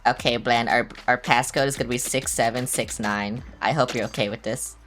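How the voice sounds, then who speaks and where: A young woman with a low voice chats loosely while streaming a video game, blunt and quick to swear at herself. Faint music plays behind her. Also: steady tone, a bit bright. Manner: blunt, swears often, self-mocking. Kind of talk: casual live-stream chatter.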